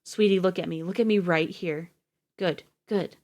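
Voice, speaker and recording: A woman's voice: on the low side, steady tone, moderate pace, darkish tone, close to an everyday voice. Woman putting on a frantic young man. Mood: tender. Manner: pleading, raised and breaking.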